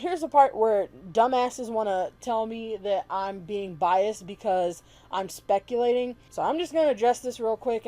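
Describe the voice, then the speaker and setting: A woman vlogger with a fairly high, warm voice delivers heated, profane opinion commentary. She bluntly calls out people she disagrees with and sarcastically mimics them.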